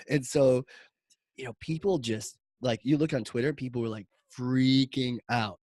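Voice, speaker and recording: A man's voice: mid-range voice, normal speed, no echo. A man hosting a marketing podcast, telling a story in a casual, rambling way full of "like" fillers. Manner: rambling, animated, many "like" fillers.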